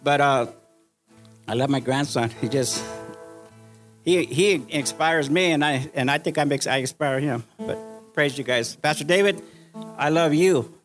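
Older man, earnest halting church testimony, slightly high voice, soft music under. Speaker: church member giving testimony. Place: church service.

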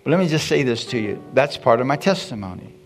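A man's voice: medium pitch, expressive, fast, soft background music. A man, a pastor, telling a story from his week and leading prayer in a folksy, repetitive way. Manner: folksy, repetitive, chuckles at his own stories. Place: church.

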